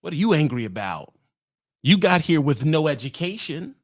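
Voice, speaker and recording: A man's voice: a little high, sing-song, moderate pace, no room sound, studio quality. A man ranting in a vlog, a truck driver speaking in a profane, heated, sarcastic way. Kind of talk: ranting monologue.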